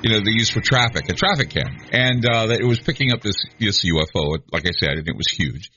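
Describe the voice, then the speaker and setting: A man's voice: on the low side, animated, a little fast, pushed and bright, lo-fi sound, faint music behind. A middle-aged man hosting a late-night radio talk show, musing in a rambling, conversational way with many restarts.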